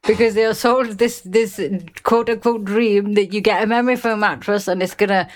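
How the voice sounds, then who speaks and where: A woman's voice: medium pitch, fairly even intonation, normal speed. A woman co-hosting a podcast, chatting casually with blunt, emphatic opinions and frequent swearing. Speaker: podcast co-host. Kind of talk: casual chat.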